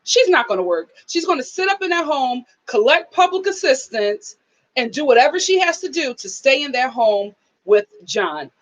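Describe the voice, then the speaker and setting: A woman's voice: sits high, very animated, normal speed, poor audio. A woman hosting a live reality-TV review in a casual chat style, sassy and emphatic, scolding the people she discusses. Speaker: show host.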